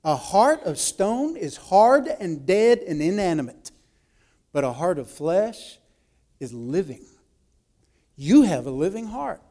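A male pastor preaching a sermon, repeating key phrases and swinging between loud urgent emphasis and hushed, intimate asides. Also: high-pitched, big pitch swings, slow pace, pauses often.

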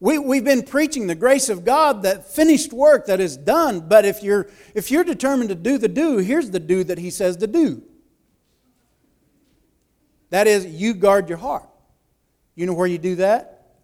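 A man with a notably high voice preaches to his congregation. He repeats and restates his points, jumping from loud, pressing emphasis to soft, close asides. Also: animated, moderate pace. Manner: swings from loud urgent preaching to hushed intimate asides. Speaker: pastor. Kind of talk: sermon.

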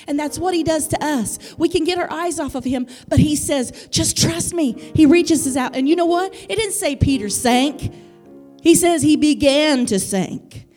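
A woman's voice: high-pitched, animated, normal speed, a little mellow, soft background music. A woman preaching a sermon with fervent, building emphasis.

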